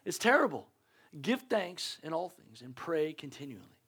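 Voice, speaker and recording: A man's voice: on the high side, sing-song, moderate pace, a bit bright, slightly rough. A man preaching a conversational sermon as a pastor, earnest and urging, repeating his points with joking asides.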